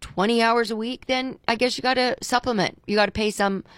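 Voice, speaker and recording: A woman's voice: on the high side, steady tone, brisk, a bit bright, no room sound, studio quality. A woman co-hosting a talk radio show, chatting casually and voicing exasperated, outspoken opinions. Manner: opinionated, exasperated, repeats herself. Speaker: radio co-host.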